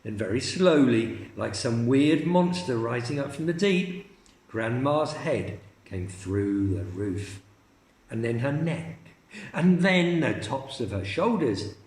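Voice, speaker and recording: A man teacher reading a children's story aloud in a slow, expressive storytelling manner. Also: medium pitch, reverberant.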